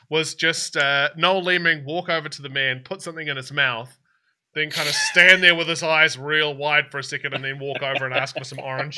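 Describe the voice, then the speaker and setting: A man's voice: a little high, pushed and bright. A man narrating as dungeon master in a tabletop game, rambling and hesitant, often laughing through his descriptions.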